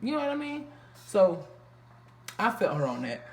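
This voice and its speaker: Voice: medium pitch, big pitch swings, normal speed. A reviewer recapping a reality TV episode in loose, profane, chatty slang with lots of fillers. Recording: echoey room with faint background noise.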